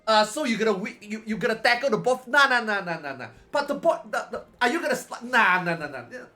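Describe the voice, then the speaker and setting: A man's voice: sits high, lively intonation, fast talker, pushed and bright, faint music behind. A man putting on the voices of nonchalant male esports players chatting casually, laid-back and repeating himself. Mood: easygoing.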